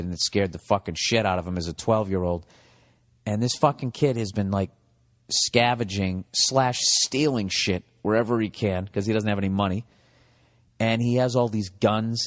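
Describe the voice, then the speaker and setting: Profane rambling comedian, reverby. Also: male voice, fairly low pitch. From United States. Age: 40s. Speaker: podcast host. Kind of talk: comedic podcast monologue.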